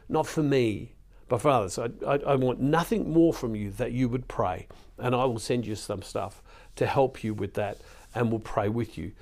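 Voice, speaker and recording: A man's voice: medium pitch, a little mellow. A man giving an earnest devotional sermon as a Catholic preacher, pleading with his listeners and often repeating words as he goes. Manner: earnest, pleading, emotional at times.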